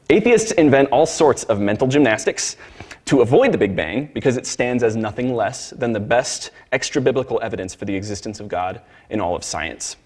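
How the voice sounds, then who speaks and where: Casting note: male Sunday school teacher, mid-pitched, emphatic delivery, stumbles and restarts, talks straight to the class. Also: animated, a little fast, darkish tone. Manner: emphatic, repeats words and restarts, addresses the class directly. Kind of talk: church Sunday school lecture. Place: church classroom.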